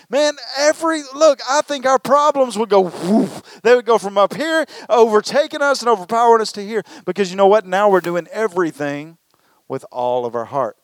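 A man preaching a sermon as pastor, animated and calling on the congregation to respond. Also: high voice, a little fast, no echo, studio quality. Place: church service.

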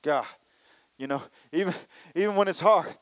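Higher-voiced male pastor, dry close sound. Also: normal speed, a bit bright, no echo. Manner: conversational preaching with many "you know" fillers and acted-out complaints. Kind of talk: sermon.

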